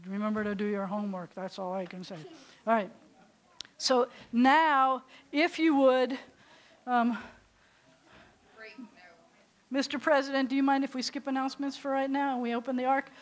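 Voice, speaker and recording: A woman with a Southern American accent leading a congregation through a service, giving gentle instructions. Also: high voice, fairly even intonation, normal speed. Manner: warm instructive directions to a congregation. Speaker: service leader.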